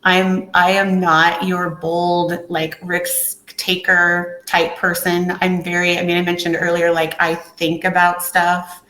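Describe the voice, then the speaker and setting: A woman's voice: fairly low pitch, slow pace, hardly any pauses. Woman telling her story in an echoey room. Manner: candid, animated storytelling with acted quotes. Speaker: podcast guest. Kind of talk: casual interview talk.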